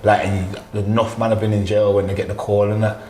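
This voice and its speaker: A man's voice: on the low side, little pitch movement, quick pace, darkish tone, slight background noise. A man in casual chat, talking emphatically and calling the others bro. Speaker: podcast guest. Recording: echoey room.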